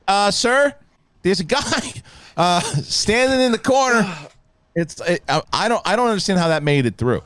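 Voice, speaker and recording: A man's voice: high-pitched, big pitch swings, moderate pace, a bit bright, no echo. A man hosting a live online show, ranting in casual banter with crude jokes. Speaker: host.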